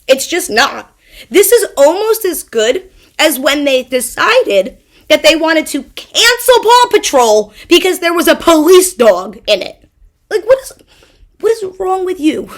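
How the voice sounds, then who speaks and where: A woman's voice: high-pitched, fairly bright tone. A young woman hosting a mom podcast, ranting in an exasperated way, stumbling over repeated words and swearing. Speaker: podcast host. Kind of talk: ranting monologue.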